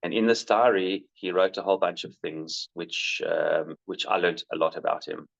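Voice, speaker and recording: Speaking in a low voice with vocal fry and little pitch movement, a middle-aged man recounts stories about his son at a moderate pace. He's candid and conversational, perking up when he quotes others, on a muffled lo-fi recording.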